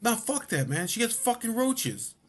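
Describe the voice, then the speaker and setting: A man voicing his panicky, grossed-out young male friend in a shrill, complaining voice. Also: fairly even intonation, quick pace, darkish tone, lightly acted. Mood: freaked out.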